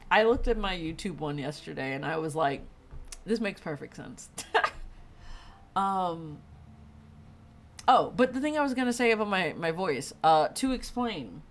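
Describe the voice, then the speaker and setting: A low-pitched, slightly bright young woman chats loosely with stream viewers, sounding congested and tired. She rambles, laughs often, and uses plenty of fillers, with faint music and slight background noise in the recording.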